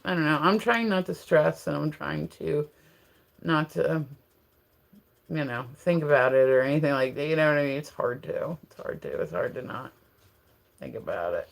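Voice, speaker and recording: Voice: medium pitch, lively intonation, normal speed, gravelly. Livestream host, loose and rambling, heavy on fillers, laughs often. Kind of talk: casual livestream chat.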